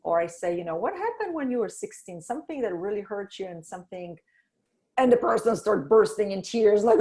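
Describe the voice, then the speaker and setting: A middle-aged woman talking as a podcast guest about energy and intuition, animated, laughing often and acting out the voices she quotes. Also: medium pitch. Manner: slows to a soft guiding tone in exercises. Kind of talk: conversational interview.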